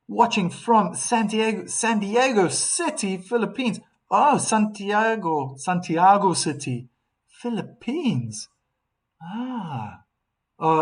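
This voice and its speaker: A man doing live tennis commentary on a stream, chatting and reading out viewer comments between points. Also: sits high.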